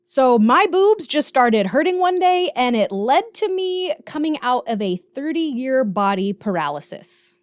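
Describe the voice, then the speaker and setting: A woman in her thirties hosting a podcast, telling a personal story in an animated, jokey, confessional way. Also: sits high, measured pace, few pauses, no room sound, studio quality. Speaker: podcast host. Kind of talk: casual storytelling.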